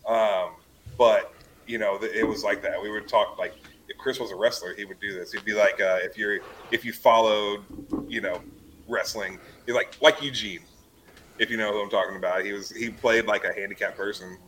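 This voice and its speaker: A man's voice: on the low side, fairly even intonation, normal speed, background noise. A man, a podcast guest, telling rambling stories about bartending in a casual chat. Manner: rambling, laughing storyteller full of "like" and "you know".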